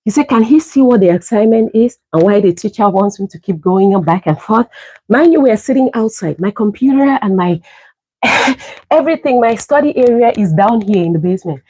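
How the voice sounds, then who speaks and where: A middle-aged woman telling a personal story on a livestream, lively and laughing often as she acts out the dialogue. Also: medium pitch, fairly quick, breathy edge, rough recording. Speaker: livestream host. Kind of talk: casual storytelling.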